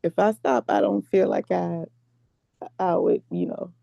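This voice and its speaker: A woman, a guest in an emotional interview, speaking softly and wearily. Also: mid-range voice, fairly even intonation, gravelly, dry recording. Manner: slow, soft-spoken, weary.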